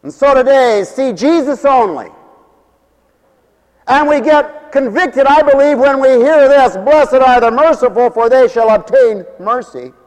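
A man preaching a sermon, swinging between raised declarations and low, quiet asides, sometimes acting out what people say. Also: a little slow, in a large hall. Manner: mimics people in dialogue.

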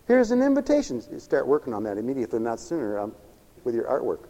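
A man preaching a sermon, telling stories and acting out the lines of the people in them, dropping to a hush and then building to fervent cries. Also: mid-range voice, wildly swooping pitch, quick pace, muffled recording. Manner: storytelling with acted-out quoted dialogue, swinging from hushed to fervent cries. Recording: long echoey hall reverb.

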